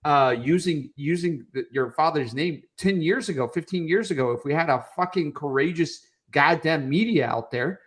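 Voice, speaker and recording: A young man co-hosts a political podcast, and his voice sits a little higher than most men's. He rants with heat and plenty of swearing, piling up clauses as his outrage builds. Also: normal speed, hardly any pauses. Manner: heated, profane ranting. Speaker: podcast co-host.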